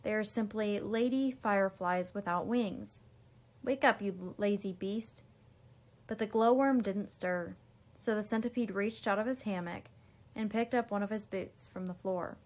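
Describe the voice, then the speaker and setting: A woman, a teacher, reading a children's storybook aloud in an unhurried way, with small slips and restarts. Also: mid-range voice, darkish tone.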